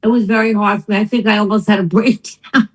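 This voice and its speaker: A woman's voice: mid-range voice, fast talker, rough recording. An older woman telling her story as a guest in a casual conversation, acting out the people she quotes. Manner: animated storytelling, acts out quotes. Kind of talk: casual chat.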